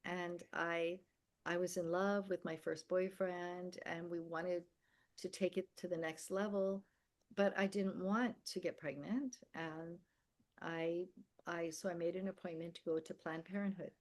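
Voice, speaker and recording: A woman's voice: on the low side, level tone, unhurried. A woman in her sixties, from America and the Philippines, telling a personal story as a podcast guest in a vivid, emphatic way. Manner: vivid, emphatic storyteller who acts out quoted dialogue.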